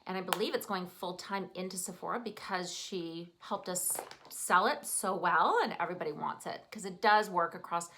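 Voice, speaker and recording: A woman's voice: on the low side, moderate pace, hardly any pauses, pushed and bright, a little hiss or hum. A woman with a Canadian accent, chatting casually through a makeup tutorial in an upbeat way. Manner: chatty, upbeat, talks while applying makeup. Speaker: makeup artist.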